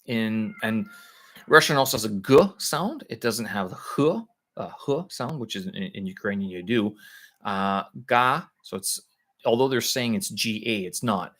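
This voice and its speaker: Slow, halting man practicing Russian aloud. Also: lowish voice, fairly bright tone. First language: English. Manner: halting, thinks aloud, many fillers and restarts. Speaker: vlog host practicing Russian. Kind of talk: casual live-stream language practice.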